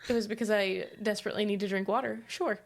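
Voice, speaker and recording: A woman's voice: medium pitch, fairly even intonation, quick pace, vocal fry. A woman co-hosting a casual podcast, reading out trivia clues and joking and swearing as she goes.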